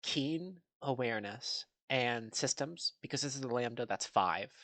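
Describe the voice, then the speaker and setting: A man's voice: medium pitch, no echo. Laid-back male game master. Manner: relaxed, with frequent fillers and pauses. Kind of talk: narrating a tabletop game.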